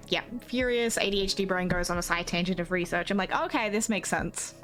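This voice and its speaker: A young Australian woman chats casually while streaming a game, rambling, swearing freely, and quoting herself and others. Her voice is lowish and a bit bright, and she talks a little fast with hardly any pauses. Soft music plays in the background.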